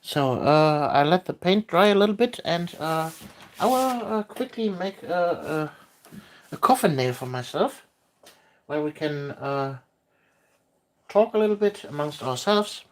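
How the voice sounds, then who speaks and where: Woman streamer, slow unhurried talk, lively rising and falling pitch, halting with many fillers, casual hobby chat. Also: a little hiss or hum. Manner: hesitant, with frequent filler pauses. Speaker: miniature painting streamer. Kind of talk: casual livestream chat while painting.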